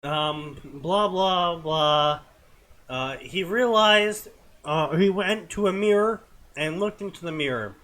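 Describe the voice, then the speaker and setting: Slow, deadpan male fanfic reader. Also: sits high. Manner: deadpan, dismissive, with many "blah, blah". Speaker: co-host reading fanfiction. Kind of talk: comedic reading and commentary.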